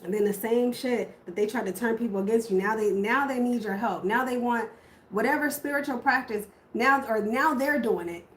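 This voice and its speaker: A woman's voice: fairly high pitch, normal speed, echoey room, low-quality recording. A woman giving a casual tarot reading to camera, swearing freely and correcting herself as she goes. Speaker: tarot reader.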